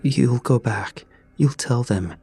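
A man voicing a calm, resolute woman on an expedition, speaking quietly and steadily. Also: mid-range voice, slow, slightly rough, voice pushed up.

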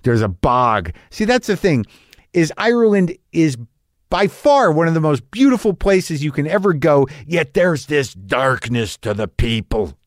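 A man's voice: on the high side, very animated, a little slow, no room sound, studio quality. A man musing in a rambling casual monologue, often restarting his sentences and swearing now and then. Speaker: comedian.

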